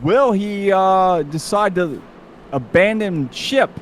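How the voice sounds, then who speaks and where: A man commentating a live sim race in an excitable, exclaiming manner. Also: high voice, slow, a little hiss or hum.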